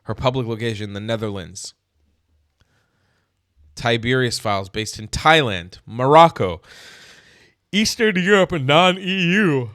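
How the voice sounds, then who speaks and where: A man hosting his channel, reacting to social media posts with animated, incredulous and mocking commentary. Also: medium pitch, measured pace, pauses often, no room sound, studio quality.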